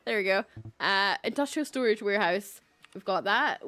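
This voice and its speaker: A woman's voice: medium pitch, expressive, normal speed, bright, forceful tone, soft background music. A woman with a Scottish accent giving casual, chatty livestream commentary over a game, reading and joking at herself. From Scotland. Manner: chatty, self-mocking, laughs often.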